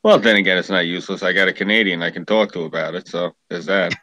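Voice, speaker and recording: A man's voice: low-pitched, steady tone, fast, sharp tone, dry recording, poor audio. A man chatting casually in a dry, matter-of-fact way. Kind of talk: casual chat.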